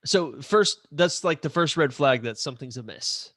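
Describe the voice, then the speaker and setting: A man's voice: a little high, expressive, normal speed, sharp tone, no echo, clean studio sound. Chatty man hosting an interview. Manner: chatty, asks follow-up questions, shares own stories. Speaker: interview host, relationship coach. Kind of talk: casual interview.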